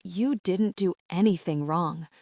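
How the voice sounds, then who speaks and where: A woman's voice: lowish voice, a little slow, a little mellow, no room sound, studio quality. A woman voicing a grieving young man who speaks in a choked, tearful voice. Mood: sobbing.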